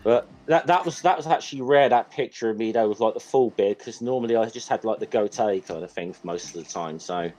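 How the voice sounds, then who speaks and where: A man's voice: fairly low pitch, brisk, hardly any pauses, darkish tone, soft background music. A man in casual group chat on a call, rambling and hesitant, swearing now and then. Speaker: podcast guest.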